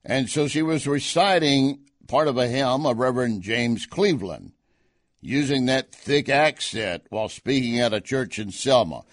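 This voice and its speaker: A man's voice: medium pitch, lively intonation, unhurried, no echo, studio quality. A man hosting a political talk show, speaking conversationally and pushing hard on key points. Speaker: talk radio host. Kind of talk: political commentary.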